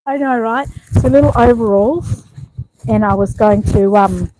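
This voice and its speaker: Australian woman, casual home vlogger, mellow, unhurried, chatty, half-hushed at times. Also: a little high, slight background noise. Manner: chatty, rambling, often drops to a hushed voice. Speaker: vlogger showing reborn dolls. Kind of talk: casual show-and-tell chat. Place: home bedroom.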